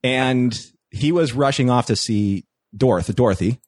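A man's voice: medium pitch, unhurried, a little mellow, no room sound, clean studio sound. A man casually telling a long story, with restarts and quoted dialogue along the way.

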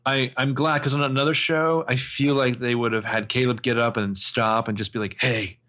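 A man's voice: mid-range voice, little pitch movement, a little fast, pushed and bright. A man co-hosting a casual podcast, riffing and joking about a TV episode. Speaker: podcast co-host. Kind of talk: casual chat.

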